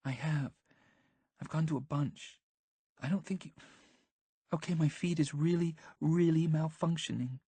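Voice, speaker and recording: A man voicing a scared, sharp-tongued teenage girl. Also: on the high side, measured pace, pauses often, husky, dry recording, voice pushed up. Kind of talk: audiobook character voice.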